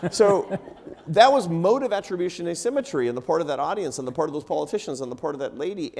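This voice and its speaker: A middle-aged man from the United States tells a long story to a live audience from a stage mic. His pitch is lively and swings widely, and he keeps breaking into laughter and wry asides about himself. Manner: animated, laughing often, self-deprecating asides. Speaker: panelist. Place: event hall before a live audience.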